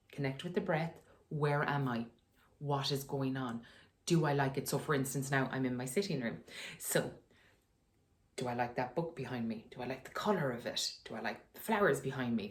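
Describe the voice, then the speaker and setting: Woman with a deep, low voice, talking frankly from her sitting room, casual and chatty, quick to laugh. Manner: frank, conversational, laughs often. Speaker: wellness vlogger. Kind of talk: candid personal advice talk.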